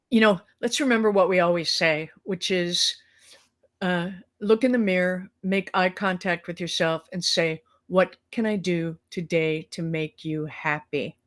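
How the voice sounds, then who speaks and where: A woman's voice: medium pitch, fairly bright tone. Chatty middle-aged woman co-hosting a talk show. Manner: chatty, rambling with fillers and restarts. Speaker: co-host. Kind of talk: casual chat. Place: home, on a live video call. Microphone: video call.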